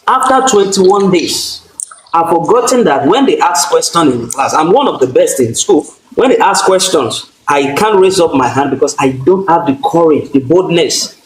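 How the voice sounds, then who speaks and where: Earnest Nigerian man telling his story. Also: fairly high pitch. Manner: earnest, storytelling, frequent restarts. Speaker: guest speaker. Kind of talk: personal testimony talk. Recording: echoey room, faint noise.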